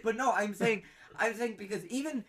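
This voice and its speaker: Bright-voiced man arguing playfully. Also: sits high, moderate pace. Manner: animated, argumentative storytelling with frequent laughs. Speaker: podcast co-host. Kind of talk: casual comedic banter.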